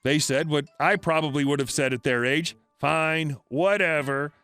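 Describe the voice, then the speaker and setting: A man with a high voice narrates stories in a steady, scripted read. His delivery stays even from line to line. Faint music plays quietly beneath him. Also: brisk.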